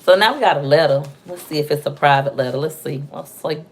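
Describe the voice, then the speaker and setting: Young woman, casual vlog chat, lowish gravelly voice, phone-recorded at home. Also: fast talker, a little hiss or hum. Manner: chatty, playful, talks to viewers while unboxing. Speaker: vlogger opening fan mail. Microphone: phone propped on a stand.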